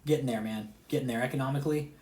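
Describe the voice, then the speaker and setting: Man ranting with heavy profanity, roomy echo. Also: very fast. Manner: swears constantly, repeats himself, swings from shouting to low sarcastic mutter. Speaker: online commentator. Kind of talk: heated profane rant to subscribers.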